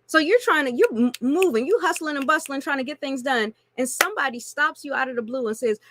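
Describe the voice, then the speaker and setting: A woman coaching on marketing in an animated, playful way, laughing often and addressing listeners as y'all. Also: sits high, a little fast, few pauses, noisy background. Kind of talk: teaching a marketing lesson with acted-out examples.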